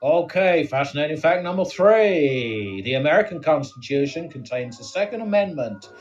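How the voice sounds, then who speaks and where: A man's voice: mid-range voice, flat delivery, slow, distant mic, dull audio, over music, lightly acted. A man voicing an eager, folksy American presenter named Bob, hammy and overly chipper.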